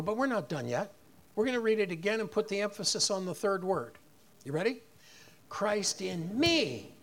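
A man's voice: sits high, fairly bright tone. A man preaching a sermon, rising on key phrases and leading the congregation in repeating lines. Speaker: pastor.

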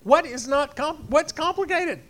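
Animated high-voiced male preacher. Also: a little slow. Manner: animated, acts out voices of the people and God. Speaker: pastor. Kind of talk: sermon.

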